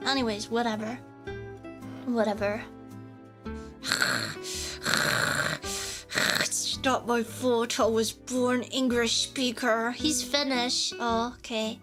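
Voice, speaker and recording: A woman's voice: fairly high pitch, fairly even intonation, slow, pauses often, pushed and bright, soft background music. A young woman from the United States streaming a casual chat, rambling and giggly, often cutting herself off mid-sentence. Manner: rambling, giggly, self-interrupting.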